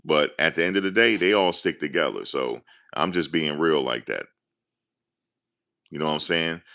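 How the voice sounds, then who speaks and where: A man with a very deep, low voice, talking casually as a sports commentator. He rambles and gets excited, telling stories with lots of energy. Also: normal speed, vocal fry. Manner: excited, rambling, animated storytelling.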